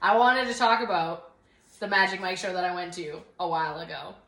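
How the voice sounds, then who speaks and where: A woman's voice: fairly low pitch, fairly even intonation, fairly quick, fairly bright tone. A young woman co-hosting a casual podcast, ranting in a worked-up, sarcastic way with lots of "like". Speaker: podcast co-host. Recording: roomy echo.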